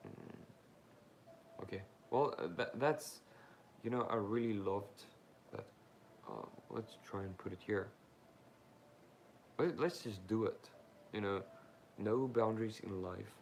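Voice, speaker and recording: A man's voice: lowish voice, slow pace, vocal fry, pauses often, a little mellow, a little hiss or hum. A young man hosting a live Q&A stream, rambling informally with lots of fillers and asking viewers questions. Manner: talks straight to viewers, asking them questions. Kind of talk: casual livestream chat, answering viewer comments.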